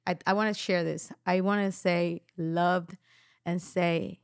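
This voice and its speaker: A woman's voice: on the low side, unhurried, smooth, no echo, clean studio sound. A young adult woman giving an emotional personal testimony as a podcast guest, acting out the voices of the people in her story. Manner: animated storytelling, acts out quoted voices.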